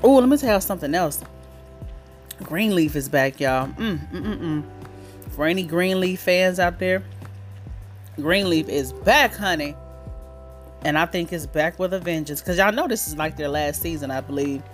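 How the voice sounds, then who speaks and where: A woman's voice: fairly low pitch, a little fast, soft background music. A woman in her thirties hosting her own podcast in casual chat, candid and talkative, cursing freely and laughing easily. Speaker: podcast host.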